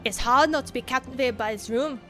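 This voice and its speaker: A woman's voice: high voice, a bit bright, faint music behind, pitched below the performer's own voice. A woman voicing a charming seventy-year-old Scottish man, a doctor who stutters and restarts his words. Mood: proud. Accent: attempted Scottish. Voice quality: stuttering, halting speech.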